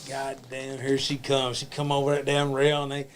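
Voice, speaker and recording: A man's voice: medium pitch, moderate pace. A man guesting on a podcast, a former wrestler telling profane backstage stories with lots of swearing. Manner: crude, swearing and animated, laughs at his own tales.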